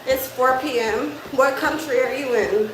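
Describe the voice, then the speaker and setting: A woman's voice: high-pitched, measured pace, distant mic. Chatty woman streaming from a treadmill. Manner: chatty, laughs easily, talks to viewers. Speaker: livestream host. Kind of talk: casual livestream chat. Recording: very echoey room, off-mic, noisy background.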